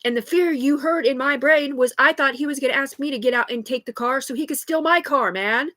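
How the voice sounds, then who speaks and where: A high-pitched woman in her thirties rants in a loose, rambling live monologue, swearing constantly. Her voice is close and dry, picked up on a phone. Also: fairly quick, sharp tone, no room sound. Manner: agitated, rambling, heavy swearing. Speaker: livestreamer.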